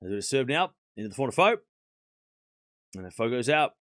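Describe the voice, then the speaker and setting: A man hosting a casual live tennis watchalong, rambling with repeated restarts and switching into brisk play-by-play calls. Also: medium pitch, no room sound, studio quality. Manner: animated, rambling, repeats words while restarting sentences. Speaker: host and live tennis commentator. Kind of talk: casual livestream watchalong commentary.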